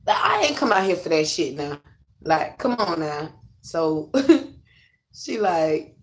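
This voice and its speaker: A woman's voice: sits low, lively intonation, unhurried, fairly bright tone. A young adult woman venting to her viewers in a blunt, profane, rambling way. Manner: addresses viewers directly. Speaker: vlogger. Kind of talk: casual venting to camera.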